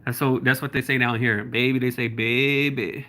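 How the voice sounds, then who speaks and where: A Southern man rambling through a livestream, his voice bright and forward. He talks loosely, full of likes, ums and laughing asides as he answers viewer comments. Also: mid-range voice, flat delivery, fast. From South Florida. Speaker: YouTuber. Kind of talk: casual livestream chat reading viewer comments.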